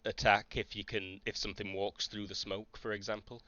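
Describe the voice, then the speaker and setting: A man's voice: lowish voice, level tone, fairly quick, pushed and bright, no room sound, highs cut off. A man acting as game master of a tabletop game, explaining rules casually. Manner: casual, rules-focused, swears.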